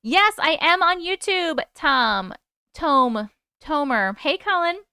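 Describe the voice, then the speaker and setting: A woman's voice: high voice, expressive, slow pace, bright, forceful tone, no room sound, clean studio sound. A woman with a New York accent hosting a casual livestream, chatting away, greeting viewers by name and swearing now and then. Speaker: livestream host and storyteller.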